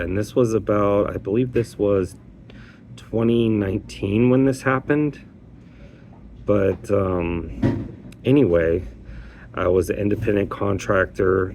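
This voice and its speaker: Deep-voiced man telling a rambling story. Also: a little mellow, a little hiss or hum. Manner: rambling, halting delivery with frequent restarts. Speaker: petition worker. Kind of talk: casual spoken storytelling.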